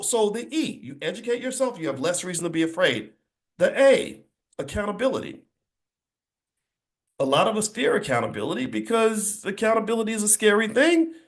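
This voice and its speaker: Emphatic man with a slightly higher voice. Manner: emphatic, repetitive, preacher-like cadence. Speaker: motivational speaker. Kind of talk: motivational speech to a live audience.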